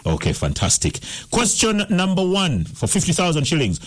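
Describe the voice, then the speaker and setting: Animated radio host, teasing. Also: male voice, sits high, moderate pace. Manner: lively, teasing, switches into Luganda. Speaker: radio breakfast show host. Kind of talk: morning radio quiz call-in. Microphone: studio microphone.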